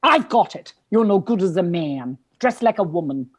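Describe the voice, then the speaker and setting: A woman's voice: lowish voice, expressive, normal speed, husky, no room sound. A woman reading the role of a playful British man who teases and plays with words, over a video call. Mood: teasing. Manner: teasing, wordplay, grand flourishes. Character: playful British man, teasing would-be poet.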